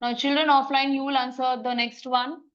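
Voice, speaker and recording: A woman teaching a grammar lesson in a classroom, brisk and coaxing as she quizzes students. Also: high-pitched, little pitch movement, lo-fi sound.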